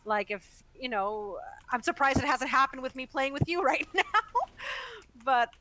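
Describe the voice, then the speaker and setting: A woman's voice: sits high, moderate pace, bright, forceful tone, low-quality recording. A woman voice actor chatting casually as a guest, talking in long flowing explanations and laughing often. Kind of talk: casual interview chat while gaming. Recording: faint background noise.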